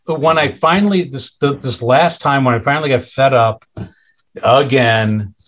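Middle-aged man telling a candid story. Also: mid-range voice. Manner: halting, with frequent restarts and fillers; acts out others' lines in quoted voices. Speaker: podcast guest.

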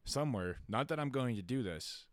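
A man's voice: medium pitch, lively intonation, a little fast, no echo, clean studio sound. A young man co-hosting a podcast, chatting casually and teasing, with playful mock quotes. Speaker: podcast co-host. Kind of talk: casual comedic chat.

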